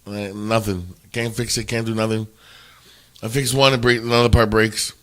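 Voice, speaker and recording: A man's voice: fairly low pitch, normal speed. Man telling stories with swearing. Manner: swearing, animated storytelling with stammered restarts. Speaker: podcast host. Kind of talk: casual chat.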